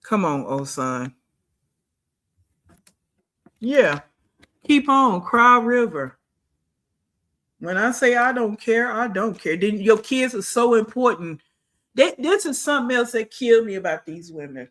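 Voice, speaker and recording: A woman's voice: fairly high pitch, lively intonation, measured pace, long pauses. Give me a blunt woman commentator on a livestream, scolding and chatting with viewers. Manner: blunt, scolding, repeats phrases for emphasis; greets and talks to live chat.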